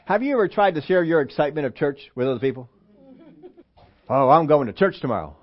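A man preaching a sermon in a church, animated, acting out quotes and asking the congregation questions. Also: a little high, a little fast. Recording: dull lo-fi sermon recording.

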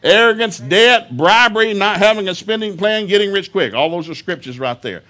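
A man's voice: sits high, lively intonation, moderate pace, sharp tone. A middle-aged man preaching a folksy, humorous sermon, telling family stories and laughing often.

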